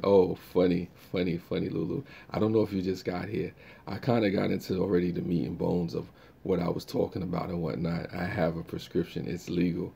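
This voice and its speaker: A man's voice: low voice, creaky, warm tone, husky. A man hosting a live stream, chatting casually and reacting to viewer comments in a laid-back way.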